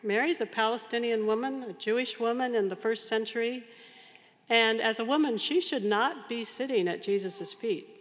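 A woman's voice: on the high side, normal speed. A woman priest giving a conversational, story-filled sermon. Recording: long reverb of a large hall.

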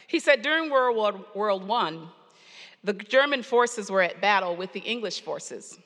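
A woman preacher giving a sermon, earnest and storytelling with pauses, in a church sanctuary. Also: mid-range voice, lively intonation, a bit bright. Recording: long hall reverb.

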